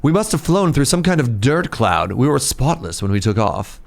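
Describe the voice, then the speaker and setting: A man's voice: mid-range voice, big pitch swings, normal speed, gravelly. A man voicing a pompous, snobbish male mayor in a put-on posh accent, reading game dialogue aloud. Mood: haughty. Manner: haughty, dismissive.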